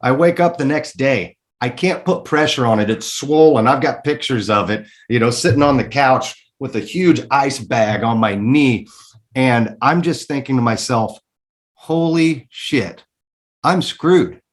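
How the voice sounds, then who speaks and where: A man's voice: medium pitch, normal speed. A man, a guest in a casual interview, telling his story candidly and emphatically, swearing freely and repeating words when he gets worked up.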